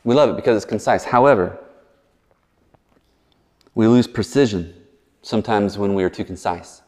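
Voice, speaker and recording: Chatty preacher in a big reverberant hall. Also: male voice, fairly low pitch, normal speed, darkish tone. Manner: chatty, verbose, digressing with asides and jokes. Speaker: pastor. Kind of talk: sermon. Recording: long reverb in a large hall.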